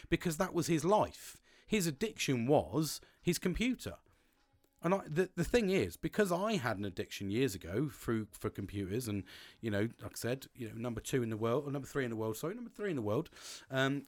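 A British man talking in a frank, rambling casual monologue, swearing freely as a podcast host. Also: mid-range voice.

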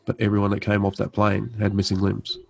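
This lowish, creaky, slightly mellow voice belongs to a thirty-something army medic who's a guest, speaking a little fast with a completely flat delivery. He tells his story casually, full of fillers and restarts, performing the dialogue as he goes. The recording is low quality.

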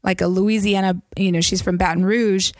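A woman's voice: medium pitch, steady tone, normal speed, no room sound, clean studio sound. A woman in casual podcast chat, telling travel stories with lots of fillers and quoted voices.

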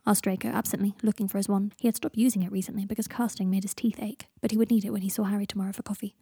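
Woman reading fanfic aloud, breathy voice, dry close sound. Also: mid-range voice, level tone, very fast, hardly any pauses, dark tone, no echo. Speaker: narrator. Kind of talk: fan fiction audiobook narration.

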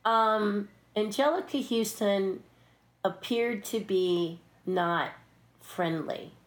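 A woman's voice: mid-range voice, takes it slowly. A woman who works as a puppeteer and stunt performer, telling behind-the-scenes stories in a casual interview and acting out the voices. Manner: lively, acts out voices in her stories, laughs often. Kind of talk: casual anecdotal storytelling.

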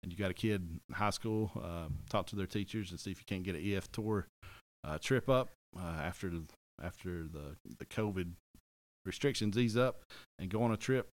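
A man's voice: low-pitched, normal speed. A middle-aged man chatting casually on a podcast, rambling, correcting himself and joking as he goes. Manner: rambling, self-correcting, jokey. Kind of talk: casual chat.

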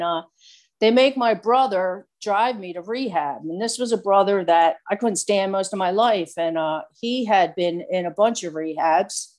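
A woman casually telling a personal recovery story in an animated, chatty way, full of fillers. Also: mid-range voice. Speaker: speaker sharing a recovery story.

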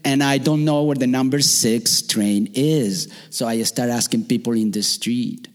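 A man doing a stand-up comedy story, animated and swinging into loud, high quoted voices of himself and strangers. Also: moderate pace, few pauses, long reverb tail.

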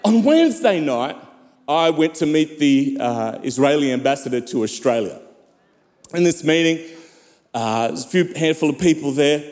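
A man's voice: fairly high pitch, lively intonation, moderate pace, a little mellow. A man in his fifties preaching a sermon, calling out to his congregation as he speaks. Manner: preaching cadence with calls to the congregation. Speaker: pastor. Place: large church hall. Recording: reverberant hall.

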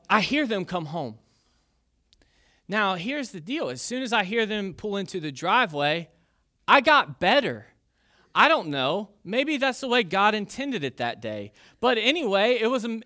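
Bright-voiced storytelling male pastor. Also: high-pitched. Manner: conversational, self-deprecating, with frequent fillers. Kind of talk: sermon with personal storytelling.

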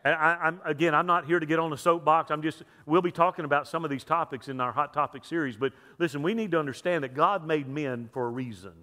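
A man's voice: a little high, fast, hardly any pauses, bright, forceful tone. A male pastor giving a chatty sermon, repeating words and putting questions to the congregation. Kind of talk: sermon with jokes and a story. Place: church sanctuary. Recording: long reverb of a large hall.

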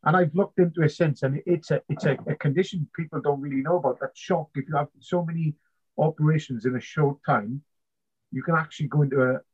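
British man, navy veteran guest, lively storyteller, fairly high voice, slightly muffled lo-fi recording. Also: fairly quick, breathy edge. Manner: animated, swears freely, acts out past dialogue. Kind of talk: storytelling in conversation.

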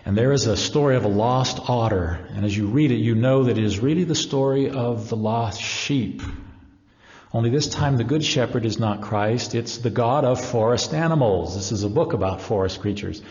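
A man's voice: medium pitch, moderate pace, darkish tone. A middle-aged man giving a live religious lecture, telling stories earnestly and reading passages aloud. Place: large lecture hall. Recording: echoey hall, dull lo-fi.

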